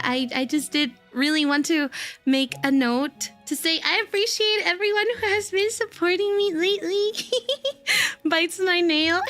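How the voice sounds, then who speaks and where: High, lively, giggly woman streamer. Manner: giggly and gushing, laughs often. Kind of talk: casual live-stream chat.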